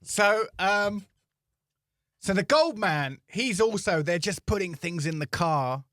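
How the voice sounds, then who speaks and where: A bright, lively male voice with a pitch that jumps all over as he spins a funny story. He acts out the people in it in a casual podcast chat, recorded close and dry. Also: slow pace, no echo. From England. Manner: animated, acts out voices in anecdotes. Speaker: podcast co-host.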